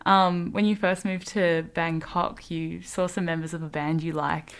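A woman's voice: lowish voice, steady tone, measured pace, clean tone. A woman hosting an interview, reacting with short exclamations and guiding the talk. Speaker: interviewer, host. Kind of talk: casual interview chat.

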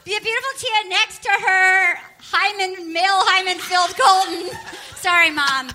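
Giggly high-voiced woman host. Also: unhurried, faint music behind. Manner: giggly, gossipy, excitable. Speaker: podcast host. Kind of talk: casual chat.

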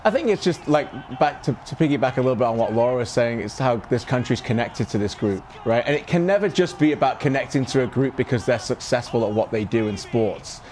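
A man's voice: mid-range voice, lively intonation, fairly quick, hardly any pauses, a little mellow, a little hiss or hum. A man on a studio sports panel, earnest and rambling, with frequent restarts. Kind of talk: casual panel discussion.

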